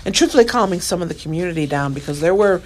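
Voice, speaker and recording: Middle-aged woman, low voice, soft-spoken, near-whispers at tender points, faint hiss behind. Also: animated, very fast. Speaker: podcast guest. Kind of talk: emotional personal storytelling.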